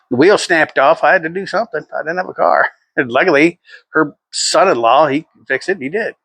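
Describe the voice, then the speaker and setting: A man's voice: on the high side, brisk, fairly bright tone, dry recording. A middle-aged man rambling through a casual vlog monologue, swearing freely and chuckling often. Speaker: vlogger.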